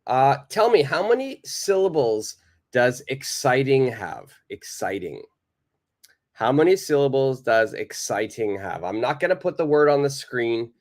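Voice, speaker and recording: A man's voice: mid-range voice, big pitch swings, unhurried. A man teaching a live online English lesson, patiently repeating his questions to the viewers.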